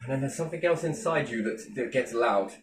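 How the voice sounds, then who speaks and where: A man's voice: medium pitch, expressive, brisk, slight background noise. A man delivering a mocking, sweary monologue with big sarcastic swings in tone.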